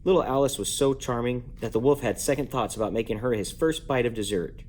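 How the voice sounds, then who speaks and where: A man reading a children's book aloud at bedtime at home, lively and playful, jumping up in pitch to give each character a voice. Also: a little fast, slight background noise. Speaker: parent reading a bedtime story. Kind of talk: bedtime story read-aloud.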